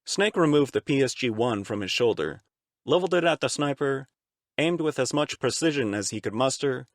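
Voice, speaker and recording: A man narrating a fan-read audiobook with expressive, dramatic storytelling. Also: mid-range voice, normal speed, dry recording, clean studio sound.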